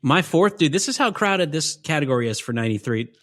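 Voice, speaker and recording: A man's voice: on the high side, animated, quick pace, a bit bright. A man co-hosting a movie podcast, chatting with casual enthusiasm. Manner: enthusiastic, says dude a lot. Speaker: podcast co-host. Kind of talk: casual chat.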